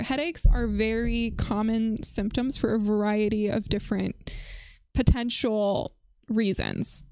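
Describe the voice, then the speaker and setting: A chatty woman streams from a dry, close-sounding setup, her fairly high voice running through casual talk with her viewers. She laughs often and answers chat messages as they come in. Her tone stays loose and unscripted. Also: darkish tone, clean tone, dry recording. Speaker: livestream host.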